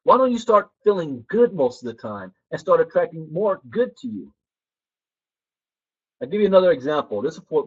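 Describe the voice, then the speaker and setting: A man leads a motivational training session in a lively, animated way, acting out the people in his stories. His voice sits a bit high for a man. The recording is dull and lo-fi. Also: breathy edge. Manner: animated storyteller who acts out quoted people. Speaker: personal development trainer.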